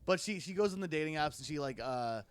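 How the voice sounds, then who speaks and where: Fast-talking man in a casual chat. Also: a little high, expressive, a little hiss or hum. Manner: rapid, rambling storytelling with many fillers and restarts. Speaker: podcast guest, stand-up comedian.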